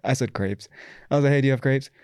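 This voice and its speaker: A man from the American South with a Southern American accent, chatting as a podcast guest, enthusiastic and quick to laugh. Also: mid-range voice, a little mellow, smooth, no echo, studio quality. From United States. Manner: enthusiastic, laughs often, short reactions. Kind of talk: casual podcast chat.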